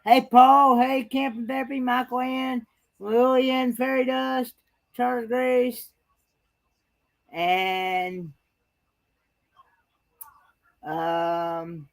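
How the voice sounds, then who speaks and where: Slow-talking live-stream host greeting viewers. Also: medium pitch, little pitch movement. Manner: greets viewers by name, hesitant with fillers. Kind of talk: casual live-stream chat.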